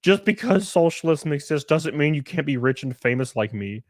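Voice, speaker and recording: A man's voice: fairly high pitch, animated, moderate pace, no echo, clean studio sound. A man mimicking a smug, wealthy male streamer in a mocking tone.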